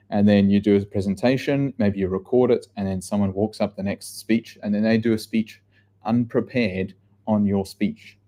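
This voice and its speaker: A middle-aged man coaching agents in a live training session, talking fast and bluntly, with casual swearing and plenty of restarts. His voice is low-pitched and warm, relaxed in tone. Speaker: real estate trainer. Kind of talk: live training session answering viewer questions.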